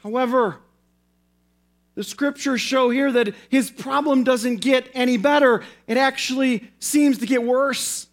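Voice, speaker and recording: Earnest high-voiced male pastor preaching. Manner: earnest, slows down and repeats phrases for emphasis. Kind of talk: sermon.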